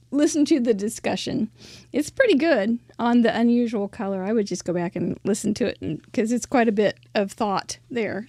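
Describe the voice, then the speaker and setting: A woman's voice: a little high, no room sound, studio quality. A middle-aged woman hosting a live crafting show, bubbly and chatty, laughing often and tripping over names.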